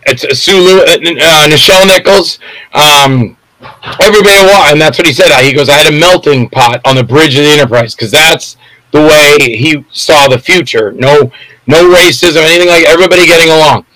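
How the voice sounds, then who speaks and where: Man, film director guest, rambling storyteller, gropes for names, bright forceful tone, dry sound. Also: on the high side, fairly quick, no echo, rough recording. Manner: rambling, loses names mid-sentence.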